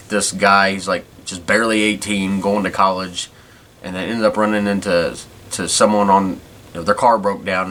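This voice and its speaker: A man with a lowish, fairly bright voice hosts a podcast, chatting casually and rambling as he goes, with many restarts. There's slight background noise.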